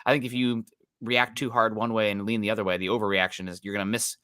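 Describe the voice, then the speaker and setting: Bright-voiced, easygoing sports podcast host. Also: male voice, lowish voice, little pitch movement, fast talker, no echo, studio quality. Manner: easygoing, greets viewers and reads their comments. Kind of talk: casual live-stream sports chat.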